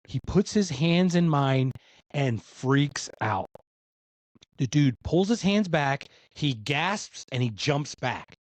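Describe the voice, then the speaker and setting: A man's voice: a little high, slow, no room sound. A man from Philadelphia telling a story in casual conversation, acting out what other people said. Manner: animated, acts out other people's lines. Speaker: podcast guest.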